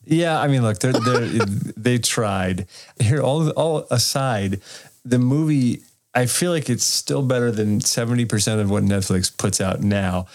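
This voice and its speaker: A man's voice: medium pitch, measured pace. A man co-hosting a casual movie review podcast, wry and joking, often restarting his sentences. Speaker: podcast co-host.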